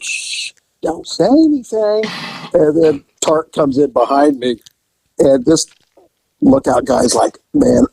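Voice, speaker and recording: A man, a former police officer, telling a profane anecdote in an animated, casual way. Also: mid-range voice, dry recording, rough recording. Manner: animated, profane, laughing at own story.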